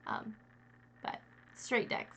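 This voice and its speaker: A woman's voice: takes it slowly, sharp tone, a little hiss or hum. A woman running a tabletop game as game master, narrating casually with fillers and restarts.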